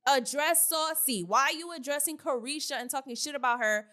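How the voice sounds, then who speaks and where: A woman co-hosting a casual podcast, blunt and expressive, swearing and mocking as she talks. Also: high-pitched, fast. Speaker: podcast co-host. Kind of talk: casual commentary chat.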